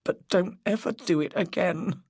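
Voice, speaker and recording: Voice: medium pitch, unhurried, darkish tone, slightly rough, no room sound, voice pushed up. A distraught, loving husband , voiced by an audiobook narrator, who talks in short, muffled, clipped phrases. His lines sit a little above the narration and sound dry and close.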